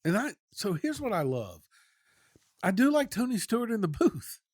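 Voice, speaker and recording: A man hosting a sports talk show, chatting casually with opinionated, quick back-and-forth banter. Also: high-pitched, very animated, dry recording, clean studio sound.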